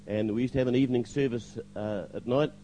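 A man's voice: mid-range voice, fairly even intonation, quick pace, warm tone, a little hiss or hum, poor audio. An older man giving a spoken testimony to a church congregation, hesitant with fillers, now and then acting out the lines he quotes.

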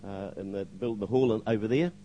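A man's voice: lowish voice, brisk, dull audio, slight background noise. An older man giving a spoken testimony to a church congregation, hesitant with fillers, now and then acting out the lines he quotes.

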